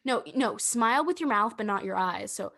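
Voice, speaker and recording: A young woman and drama student co-hosting a podcast, coaching in casual chat with a teasing, deadpan manner and frequent restarts. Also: mid-range voice, normal speed, vocal fry. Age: young adult.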